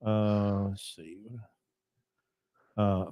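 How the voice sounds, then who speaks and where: A man's voice: on the low side, little pitch movement, very slow, mellow, clean tone, dry recording, studio quality. A man hosting a casual trucking podcast, talking loosely with plenty of ums and asides. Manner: loose, rambling, with many ums. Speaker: podcast host.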